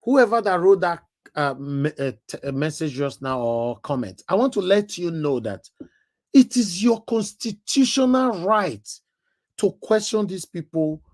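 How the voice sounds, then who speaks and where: A man's voice: high voice, expressive, a little slow. Emphatic Nigerian man hosting call-in. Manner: emphatic, preachy rhetorical questions. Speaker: live show host taking calls. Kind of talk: live call-in commentary.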